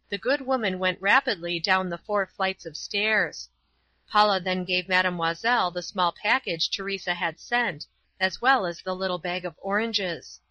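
A woman reads a storybook aloud, calm and measured, her voice bright and clear. The recording is dry and slightly dull, with no room sound. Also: medium pitch, no room sound. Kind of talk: storybook narration.

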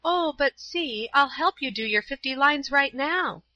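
A woman's voice: high-pitched, expressive, unhurried, pushed and bright, no room sound, pitched above the performer's own voice, heavily acted. A woman reading aloud voices a pious, kind-hearted schoolgirl in a raised, eager, pleading tone. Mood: earnest, pleading. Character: earnest pious schoolgirl, timid but kind. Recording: slightly dull, dry.

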